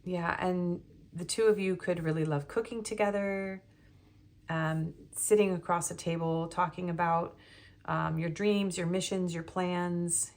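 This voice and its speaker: A woman's voice: on the low side, steady tone, unhurried. A woman giving a tarot reading, talking in a rambling, hesitant way with many ums, and sounding nervous. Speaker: tarot reader. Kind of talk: casual tarot reading monologue.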